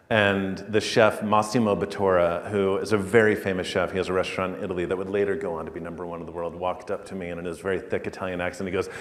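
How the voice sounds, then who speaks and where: Animated man in an echoey hall. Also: low-pitched. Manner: animated storyteller, building to loud peaks. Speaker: keynote speaker. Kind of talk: conference keynote storytelling. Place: large conference hall. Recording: echoey hall, speaker a little far.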